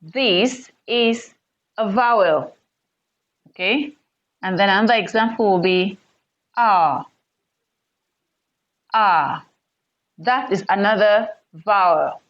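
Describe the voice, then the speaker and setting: Woman teacher, slow and patient, repeats key points, slightly dull lo-fi recording. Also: mid-range voice. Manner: slow, repeats key phrases, checks with "okay?". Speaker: English teacher. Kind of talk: classroom lesson.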